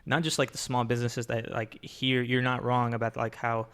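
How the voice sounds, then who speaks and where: A man's voice: mid-range voice, level tone, normal speed, fairly bright tone, smooth. A man hosting a podcast in casual chat, rambling with many fillers and restarts. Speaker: podcast host.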